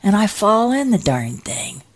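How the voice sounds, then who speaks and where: A woman telling a comic personal story, animated, dropping into hushed whispered asides. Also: mid-range voice, measured pace.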